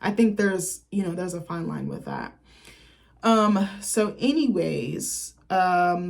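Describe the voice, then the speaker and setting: A woman's voice: on the low side, big pitch swings, takes it slowly, creaky, a little mellow. Chatty swearing woman vlogger. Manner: chatty, swears freely, recounts scenes with quoted lines. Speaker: film critic vlogger. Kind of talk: casual film recap.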